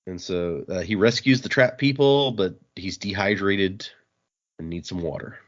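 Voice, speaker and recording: A man hosting a podcast, recapping a comic in a relaxed, rambling chat full of fillers. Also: deep voice, unhurried. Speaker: podcast host. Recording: dull lo-fi sound.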